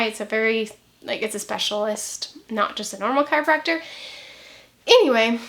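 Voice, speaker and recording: A young woman vlogging to camera in a chatty, rambling way, talking quickly and laughing now and then. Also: fairly high pitch, fairly bright tone. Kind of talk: casual chat to camera.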